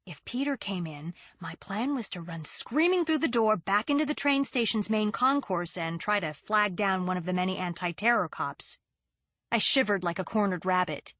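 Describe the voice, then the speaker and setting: A woman reads a suspense audiobook with tense, dramatic delivery. Her pitch is middling for a woman. The sound is dry and somewhat dull, like a muffled studio booth. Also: fairly bright tone, no room sound. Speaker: audiobook narrator. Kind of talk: scripted thriller narration.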